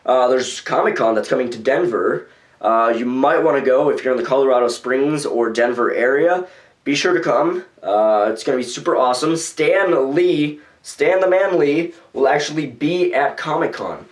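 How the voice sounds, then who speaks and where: A man's voice: mid-range voice, moderate pace. A young man from the United States rambling casually in his own video blog, with loose phrasing and lots of fillers. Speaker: vlogger. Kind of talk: casual vlog commentary.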